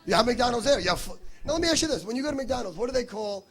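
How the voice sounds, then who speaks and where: A man's voice: very high voice, lively intonation, very fast, vocal fry. A male stand-up comedian doing crowd work on stage, brash and teasing, with profanity. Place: comedy stage before a live audience.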